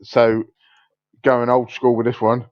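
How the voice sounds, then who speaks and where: A man co-hosting a podcast, slowly building up his pun jokes and chuckling at them. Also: medium pitch, monotone, no echo. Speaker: podcast co-host. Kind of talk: casual banter. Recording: dull, dry lo-fi mic.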